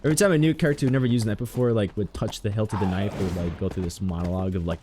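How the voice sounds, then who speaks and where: A man's voice: sits low, rapid-fire, hardly any pauses, noisy background. A young man chatting casually while he streams a game, rambling and mocking his own mistakes. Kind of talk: casual gameplay commentary.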